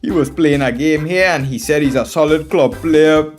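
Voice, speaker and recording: A man's voice: a little high, moderate pace, faint music behind. A man with a strong Trinidadian accent, chatting on a live chess stream in a boisterous, drawling way and tagging "man" onto his sentences. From Trinidad and Tobago. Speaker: chess streamer, international master. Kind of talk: casual live stream chat.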